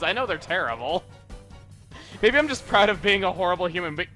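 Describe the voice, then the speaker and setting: High, bright-voiced punning game commentator man. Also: big pitch swings, a little fast, soft background music. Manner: punning, self-mocking, bursts into shouts. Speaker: let's play commentator. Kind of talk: comedic video game commentary.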